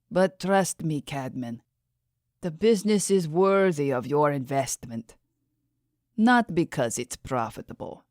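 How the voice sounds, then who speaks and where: A woman voicing a gentle, weary old man, a dying tribal leader, speaking weakly and solemnly in an audiobook. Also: fairly low pitch, dry recording, studio quality. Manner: weak, tender, solemn.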